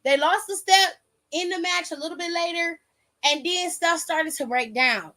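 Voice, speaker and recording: A woman's voice: extremely high pitch, moderate pace, bright, forceful tone. A woman hosting a podcast, casually retelling a match with quoted dialogue and some swearing. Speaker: podcast host. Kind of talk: casual wrestling recap.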